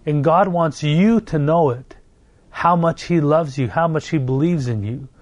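A middle-aged man preaching a sermon, earnest and warm in his repetition, slowing down to stress each phrase. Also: fairly high pitch, no echo, dull audio. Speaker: pastor.

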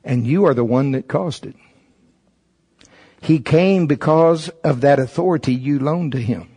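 Husky-voiced man preaching a sermon. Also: on the high side, a little slow, mellow. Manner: reads a text aloud and stops to comment; emphatic, rising on key words.

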